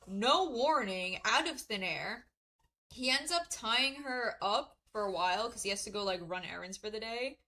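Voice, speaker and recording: A woman's voice: fairly high pitch, sharp tone, poor audio. A young woman streamer chatting while doing a craft, rambling through a story, swearing freely and laughing at her own telling. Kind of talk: casual chat while crafting.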